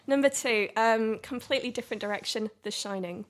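Woman, slight lisp, giggly podcast guest, fairly high voice. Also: fairly quick. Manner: giggly, chatty, self-deprecating. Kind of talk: casual podcast chat.

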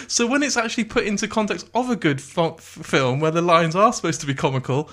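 A man co-hosting a film podcast, with a slightly raised pitch and a bright, forward tone. He talks in an excitable, casual way and laughs easily between his points. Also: fast talker, few pauses. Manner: excitable, laughs often while talking. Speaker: podcast co-host. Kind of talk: casual film review chat.

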